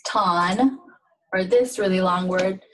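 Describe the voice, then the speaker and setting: Slow, halting woman teaching pronunciation. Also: on the low side, fairly bright tone, poor audio. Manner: slow, halting, with many fillers. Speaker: language teacher. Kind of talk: casual language lesson.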